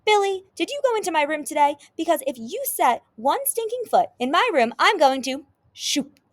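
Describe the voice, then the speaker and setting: A woman voicing a bossy older sister who yells at her brother in a put-on British accent. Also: very animated, moderate pace, no echo. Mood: angry yelling. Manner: shrill, yelling.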